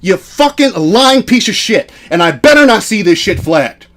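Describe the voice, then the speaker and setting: High-pitched, animated man ranting hard. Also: moderate pace. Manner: furious, profane ranting. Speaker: stream host. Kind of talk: heated live-stream argument.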